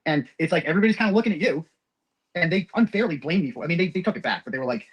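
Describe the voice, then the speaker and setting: Husky-voiced man rattling off a profane, rambling personal story at high speed. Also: lively intonation, rapid-fire, poor audio. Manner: profane, rambling, emotional retelling.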